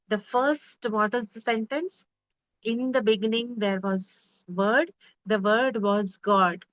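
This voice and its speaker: A woman's voice: medium pitch, a bit bright, no echo. Woman meditation teacher; earnest spiritual talk, rhetorical questions; dry, muffled recording. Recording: dull, dry sound.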